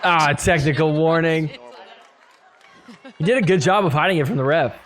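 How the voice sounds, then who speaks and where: A man's voice: fairly high pitch, fairly bright tone. A man hosting a podcast, recapping sports clips in a casual, joking way and laughing often. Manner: laughs often, acts out players' thoughts in quick asides. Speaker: podcast host.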